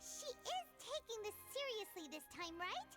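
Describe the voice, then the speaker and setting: An actress voicing a tiny, cheeky floating companion creature in a game, talking in a quick, chattering, indignant way. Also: female voice, very high voice, sing-song, fairly bright tone, soft background music, exaggerated voice. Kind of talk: game cutscene voice acting.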